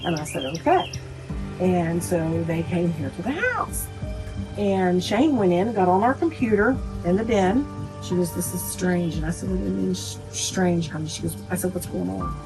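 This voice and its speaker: A woman's voice: fairly low pitch, lively intonation, normal speed, over music, low-quality recording. A middle-aged woman, the mother of a murder victim, plainspoken as she recounts family conversations in an interview, quoting what each person said. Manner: plainspoken, retells conversations with quoted speech.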